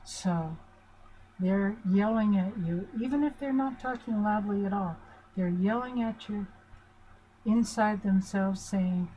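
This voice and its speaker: An older woman talks slowly and gently in a chatty teaching manner, checking in with her listeners as she goes. Her voice is mellow and soft-edged. Faint background hiss sits under her voice. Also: medium pitch, lo-fi sound. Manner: chatty and reassuring, asks her listeners questions. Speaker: family relationship teacher. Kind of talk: informal talk at a whiteboard.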